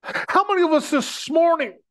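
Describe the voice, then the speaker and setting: A man's voice: extremely high pitch, moderate pace, a bit bright. A man from the United States preaching a sermon in an impassioned way, often stumbling and repeating his words as he addresses his brothers and sisters.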